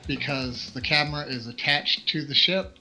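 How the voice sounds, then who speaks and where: A man's voice: a little high, moderate pace, sharp tone, faint music behind, low-quality recording. A man on a gaming stream's voice chat, patiently explaining how a game works. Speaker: friend on voice chat.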